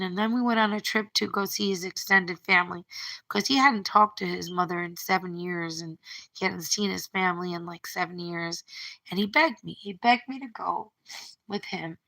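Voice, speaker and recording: Woman, middle-aged, bright tone, rambling breakup story on a phone livestream, stumbling restarts. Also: lowish voice, steady tone, moderate pace, gravelly. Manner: rambling, repeats words, quotes others. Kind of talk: emotional personal monologue.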